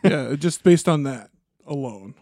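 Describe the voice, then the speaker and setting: Man, podcast co-host, casual and profane, fairly high voice, mellow tone. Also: a little slow, no echo, studio quality. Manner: animated, profane. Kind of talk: casual chat.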